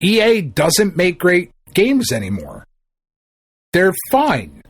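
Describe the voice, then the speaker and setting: A laid-back podcast co-host with a slightly high, husky voice. He talks slowly and agreeably in casual chat, recorded dry and close. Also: wildly swooping pitch, no echo.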